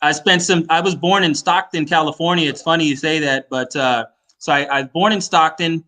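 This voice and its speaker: A man speaking as a guest in a casual chat, his voice bright and a bit high. He rambles and halts, restarting his sentences often. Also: steady tone, rough recording. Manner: rambling, halting, many restarts.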